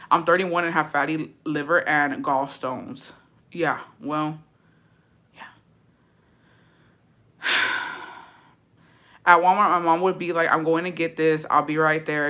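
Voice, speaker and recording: With a low voice and a bright, ringing tone, a female vlogger reads viewer comments and reacts to each. Her delivery is animated storytelling, blunt and slangy, with free swearing.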